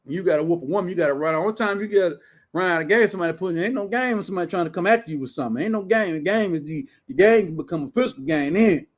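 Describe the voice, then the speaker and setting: Loud, profane man ranting. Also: high voice, animated, rapid-fire. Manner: loud, blunt and profane, heavy slang. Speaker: show host. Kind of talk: profane casual rant.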